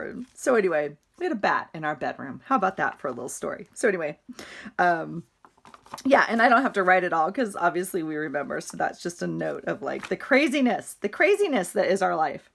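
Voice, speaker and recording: A woman's voice: on the low side, gravelly, fairly bright tone. A middle-aged woman chatting casually about her week, rambling and laughing often. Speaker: vlogger. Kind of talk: casual chatty journal walkthrough.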